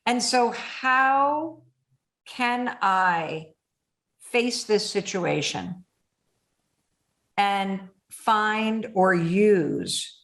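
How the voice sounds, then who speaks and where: Woman host, mid-pitched, blunt and animated, candid talk, echoey room. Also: very slow, long pauses. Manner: animated storyteller who acts out inner voices, blunt and swears freely. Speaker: podcast host. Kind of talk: candid conversational interview.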